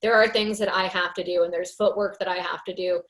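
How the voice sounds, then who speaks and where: A woman's voice: fairly low pitch, fairly even intonation, brisk, a bit bright. Earnest woman leading a casual recovery workshop. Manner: conversational, many fillers, earnest. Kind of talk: casual teaching talk with book reading.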